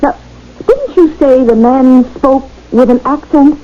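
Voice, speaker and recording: An actress playing an animated woman friend with spy theories in a 1970s radio drama. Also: high-pitched. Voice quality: quick, animated. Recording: dull old radio broadcast.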